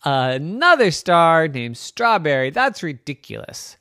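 A man's voice: mid-range voice, lively intonation, slow, clean tone, dry recording, clean studio sound. A man voicing a rude planet in a bedtime story, scornful and mocking. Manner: scornful, laughing.

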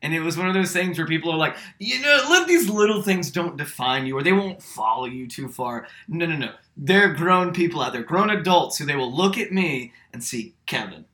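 A young man with a bright, clear voice spins a story in relaxed podcast chat. He is animated and slips into the voices of the people he quotes. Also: on the high side, normal speed, few pauses. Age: young adult. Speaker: podcast co-host.

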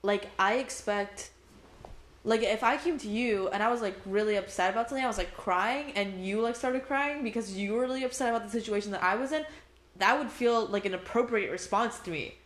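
A young woman chats in a lively, animated way, laughing often and acting out quoted lines. Her voice has a middling pitch for a woman. The room gives her speech a clear echo. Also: fairly quick. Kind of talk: casual podcast chat. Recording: echoey room.

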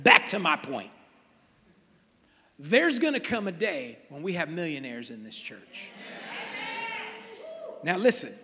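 A man preaching a sermon to his congregation, exhorting and joking with them in an animated way. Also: high voice. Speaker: pastor. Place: church sanctuary. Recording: long church hall reverb.

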